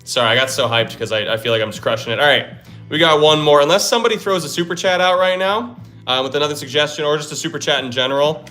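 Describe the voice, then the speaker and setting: Solving puzzles on a laid-back live stream, this young host thinks out loud and cheers himself on whenever something falls into place. He speaks quickly in a slightly high, bright, forceful voice, with soft lo-fi music in the background.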